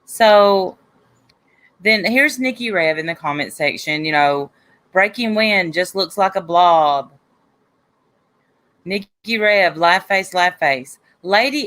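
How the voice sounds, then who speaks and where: A woman's voice: lowish voice, animated, a little slow, fairly bright tone. A woman hosting a live stream, casually retelling an online argument and reading the comments aloud. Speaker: host of a live stream show.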